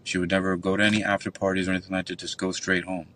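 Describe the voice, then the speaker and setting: A man's voice: low-pitched, racing, recorded from a distance, slight background noise. A man who works as a nightclub bouncer, telling a long, rambling, profane story in casual call-in chat. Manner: rambling, profane, animated retelling.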